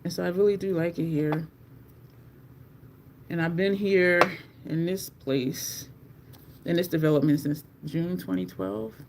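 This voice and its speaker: An animated, talkative livestream host chats casually with viewers at home. The voice sits at a mid pitch, and a faint hiss runs underneath. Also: unhurried, pauses often. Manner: chatty and animated, addresses viewers as y'all. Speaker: livestream host reviewing makeup.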